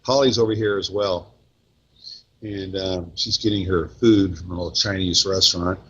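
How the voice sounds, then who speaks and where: A man's voice: sits low, fairly even intonation, moderate pace, a bit bright, a little hiss or hum. A man hosting a casual podcast from a restaurant, joking and chatting while he eats. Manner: joking, self-mocking, chatty while eating. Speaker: podcast host. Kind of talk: casual chat. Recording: dull lo-fi recording.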